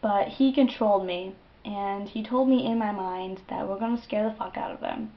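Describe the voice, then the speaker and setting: A young woman vlogger telling a story to the camera in a casual, animated and profane way, with dramatic outbursts. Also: mid-range voice, moderate pace, highs cut off.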